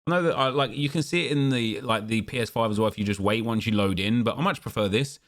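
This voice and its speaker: A man's voice: mid-range voice, quick pace. Exasperated man commentating his gameplay. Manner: exasperated, repeats himself, swears. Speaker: gaming video host.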